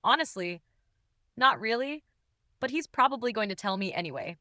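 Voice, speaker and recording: A woman's voice: on the high side, expressive, normal speed, sharp tone, no echo, studio quality. A woman narrating a story in the first person, in a cool and dismissive manner.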